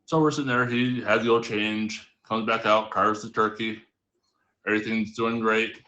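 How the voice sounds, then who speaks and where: A man tells a story on a live stream, rambling and correcting himself as he goes. His voice is low, flat and bright-edged. The room around him is echoey. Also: moderate pace, muffled recording. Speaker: storytelling guest. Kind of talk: casual told anecdote. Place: home streaming setup.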